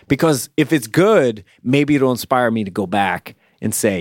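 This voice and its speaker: A man chatting casually about TV shows, talking fast with lots of restarts and repeated words. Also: mid-range voice, animated, no echo, clean studio sound. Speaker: co-host discussing TV shows. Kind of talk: casual chat.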